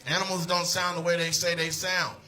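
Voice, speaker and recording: A male stand-up comedian telling a story on stage to a live audience, loud and animated, laughing through his punchlines and swearing freely. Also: high-pitched, a little fast.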